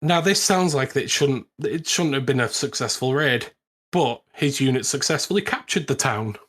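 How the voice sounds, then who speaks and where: A British man co-hosting a podcast, telling a history story in casual, animated chat with frequent laughs. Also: mid-range voice, normal speed. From Britain. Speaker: podcast co-host.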